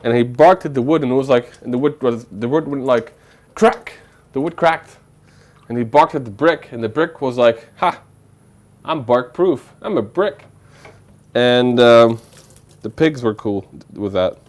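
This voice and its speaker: A man's voice: mid-range voice, moderate pace, a little mellow. A man telling a rambling, playful story on a casual livestream, with lots of filler words. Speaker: streamer.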